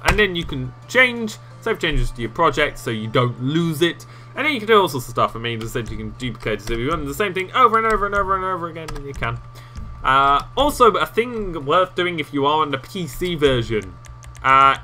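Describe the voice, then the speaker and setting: A man walking viewers through video editing software in a casual, rambling tutorial with self-mocking asides, recorded on a desktop microphone. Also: medium pitch. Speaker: game tutorial host.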